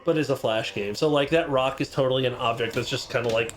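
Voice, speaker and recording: A man's voice: medium pitch, fast, crowd noise. A man playing a game on a charity stream, casually explaining the game's mechanics and lore with many fillers. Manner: relaxed, explanatory, filler-heavy.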